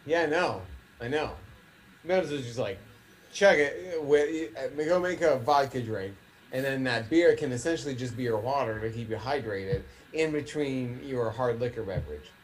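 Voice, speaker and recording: A man's voice: mid-range voice, normal speed, slight background noise. A man co-hosting a casual online show, joking around and swearing freely. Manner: joking and profane. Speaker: podcast co-host. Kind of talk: casual chat.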